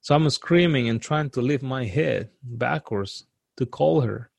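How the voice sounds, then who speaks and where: A man who grew up outside the US, earnestly recounting a frightening personal experience as a guest, in a halting way that repeats words and restarts. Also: mid-range voice, creaky, a little mellow, slightly rough, no room sound. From outside the US, now lives in the US. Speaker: guest telling a personal story.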